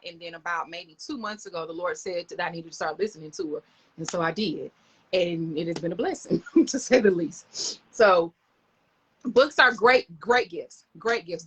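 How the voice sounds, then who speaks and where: Bright-voiced chatty woman. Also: medium pitch. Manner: chatty, enthusiastic, addresses viewers directly. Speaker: live stream host. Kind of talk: casual live-stream show-and-tell. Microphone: phone camera.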